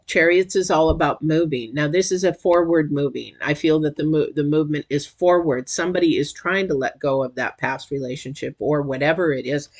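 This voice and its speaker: A chatty tarot reader talking straight to viewers in a casual intuitive reading. The voice is emotional and animated, breaking into sudden high exclamations and coming back to a mid pitch.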